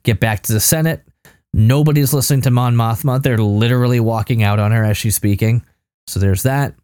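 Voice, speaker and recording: Tired male co-host, mid pitch, rambling recap, dry sound. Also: steady tone, a little fast, a little mellow, clear, resonant tone, no echo. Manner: rambling, many fillers and restarts. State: worn out. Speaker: podcast co-host. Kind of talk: casual chat recapping a show.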